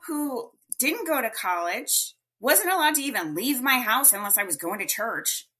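Bright, animated woman telling a story. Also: fairly high pitch, moderate pace, husky. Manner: animated, chatty storyteller with many fillers. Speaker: guest. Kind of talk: storytelling in a podcast interview.

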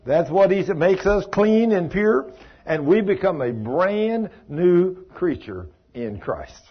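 A man's voice: high voice, big pitch swings, takes it slowly, breathy edge. A man teaching an informal Bible study, folksy, asking listeners questions and calling them by name. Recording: dull lo-fi recording.

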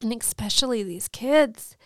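A woman's voice: a little high, animated, normal speed, no room sound, studio quality. A woman in her thirties co-hosting a faith podcast, telling a story earnestly and with emotion. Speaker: podcast co-host.

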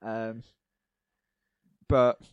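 A man co-hosting a casual podcast chat, rambling with lots of fillers and going a little hoarse. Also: lowish voice, little pitch movement, extremely slow, dry recording, lo-fi sound. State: losing his voice, coughing. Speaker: podcast co-host.

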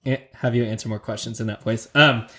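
A woman's voice: extremely low pitch, steady tone, brisk, crowd noise. A woman hosting a podcast interview, playful and teasing, asking casual questions. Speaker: podcast host. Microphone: headphones.

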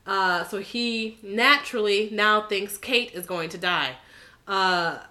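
A woman's voice: medium pitch, takes it slowly, sharp tone. A woman co-hosting a podcast, chatting casually and joking animatedly, swearing freely. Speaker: podcast co-host. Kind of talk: casual chat.

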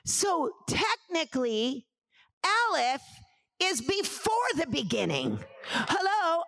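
High-voiced woman preaching slowly. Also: big pitch swings, no echo. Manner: calls for congregation responses, emphatic repetitions; rises to shouted preaching at climaxes. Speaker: pastor teaching scripture. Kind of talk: sermon.

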